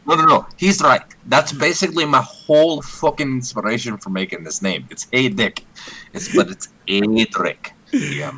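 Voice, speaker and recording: A man's voice: medium pitch, expressive, moderate pace, background noise. A man with a Texan accent playing a tabletop game, boisterous and swearing constantly. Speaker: player.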